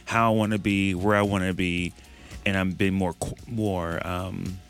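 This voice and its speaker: 40s guy on a radio show, kinda low voice, easygoing and reflective, faint music. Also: steady tone, a little slow. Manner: playful, reflective, laughs often. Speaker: radio guest. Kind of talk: casual chat.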